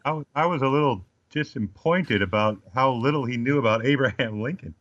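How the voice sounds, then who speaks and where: Speaking a little fast in a mid-range, fairly bright voice, the Australian man in his forties tells funny stories as a guest in a casual chat. His manner is dry and joking; the sound is echo-free but slightly dull and lo-fi.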